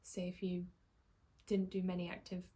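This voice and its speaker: A woman, a life coach speaking in a calm, thoughtful monologue that slows and softens for emphasis. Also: lowish voice.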